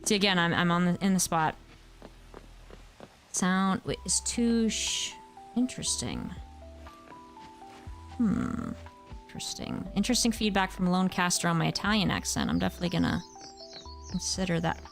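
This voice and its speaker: A woman's voice: on the low side, normal speed, gravelly. A young woman chatting casually on a gameplay stream, rambling and answering her chat, with faint music behind her.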